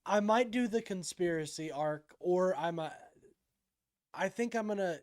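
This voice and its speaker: Guy streamer reacting to a clip, slow and mocking, talks his thoughts out loud. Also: high voice. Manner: incredulous, mocking, thinks aloud. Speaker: livestream host.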